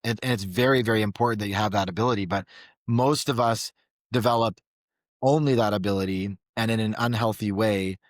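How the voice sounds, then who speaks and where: Low-ish voiced guy coaching men, earnest, keeps saying right, dry close mic. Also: fairly even intonation, fairly quick, dry recording. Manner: earnest, explanatory, with repeated "like" and "right". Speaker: men's coach, podcast guest. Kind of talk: casual podcast conversation.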